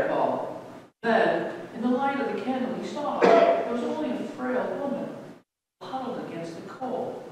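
A man, a pastor, reading a story aloud in a steady, measured way during a church service. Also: high voice, recorded from a distance, slight background noise. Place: church sanctuary. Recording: echoey church hall from afar.

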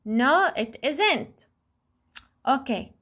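A young woman teaching an English lesson to young pupils, speaking slowly and clearly and saying each word twice. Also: sits high, animated, fairly bright tone.

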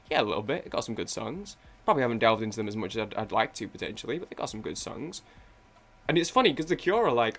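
A man's voice: mid-range voice, a bit bright. A young man rambling casually while playing a video game, swearing and often cutting himself off mid-sentence. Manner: rambling, self-interrupting, swears freely. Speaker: gaming YouTuber.

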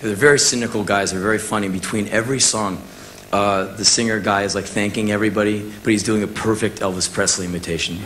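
An American man in his thirties tells a story on stage and acts out every quote with bursts of shouting and laughter. His voice is low-pitched and bright, with a forceful edge. A faint hiss sits under the recording. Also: fairly even intonation, quick pace. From United States. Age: 30s. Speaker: musician telling a story on stage. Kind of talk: spoken word storytelling.

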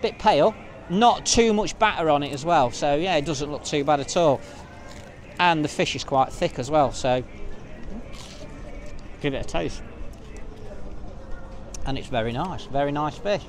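A man's voice: a little high, a little slow, long pauses. Chatty man vlogging outdoors. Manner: chatty, rambling, lots of "so yeah" fillers. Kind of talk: casual walking vlog. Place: outdoors at a seaside resort street.

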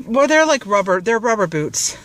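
A woman's voice: mid-range voice, very animated, moderate pace, a bit bright, slight background noise, poor audio. A woman rambling casually in a haul vlog, with lots of fillers and restarts, a bit out of breath, outdoors in a parking lot. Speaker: vlogger.

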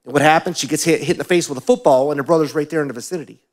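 A male pastor giving a sermon, telling personal stories in a conversational way and asking the congregation questions, often dropping to quieter asides. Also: on the high side, very fast.

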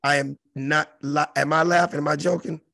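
Brief: comedian in his fifties from South Central LA, animated and profane storyteller, high and gravelly, dry close sound. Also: normal speed, dry recording. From South Central Los Angeles. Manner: profane, animated, acts out the other voices. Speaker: comedian guest.

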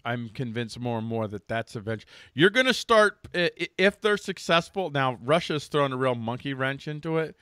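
A man hosting a political commentary chat, agreeable and energetic in manner. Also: medium pitch, brisk, hardly any pauses, smooth, dry recording, clean studio sound. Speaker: show host.

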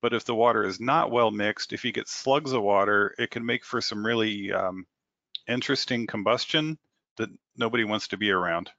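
A man presents in a technical webinar, his voice gravelly with a bright, forceful edge. He explains step by step, often repeating words as he thinks. The recording is dry and slightly dull. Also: lowish voice, normal speed, no room sound.

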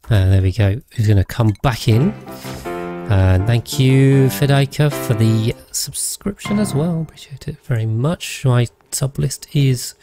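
A man's voice: mid-range voice, measured pace, over music. A man rambling casually as he streams a game, thinking aloud and thanking his viewers. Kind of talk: casual gameplay livestream chat.

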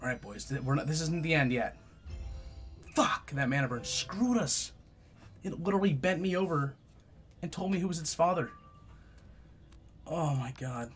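A young man giving live gameplay commentary, profane and trash-talking, swinging between loud outbursts and low mutters. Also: animated, normal speed, long pauses, soft background music. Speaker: gaming YouTuber.

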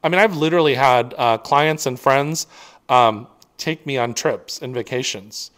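A man's voice: mid-range voice, unhurried, a bit bright. Earnest man giving a spiritual talk. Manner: earnest, conversational, with many fillers and restarts. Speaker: spiritual teacher.

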